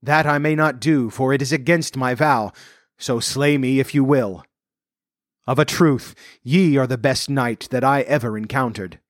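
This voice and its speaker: A man's voice: medium pitch, a little slow, dry recording, clean studio sound, close to an everyday voice. A man reading as an earnest deceived knight. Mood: resolute. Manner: archaic courtly speech, earnest. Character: loyal deceived knight, male, adult, remorseful. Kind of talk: audiobook reading.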